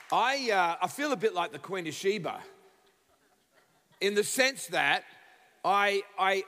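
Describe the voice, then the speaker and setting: A man in his fifties with an Australian accent, a guest pastor addressing a church congregation with lively, joking energy. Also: on the high side. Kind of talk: sermon. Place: large church hall. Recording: reverberant church hall.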